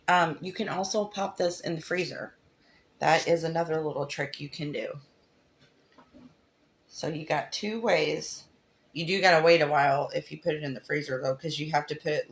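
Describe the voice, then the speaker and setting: A woman's voice: fairly low pitch, fairly bright tone. A middle-aged woman hosts a crafting livestream, chatting affectionately and greeting viewers by name while she demonstrates.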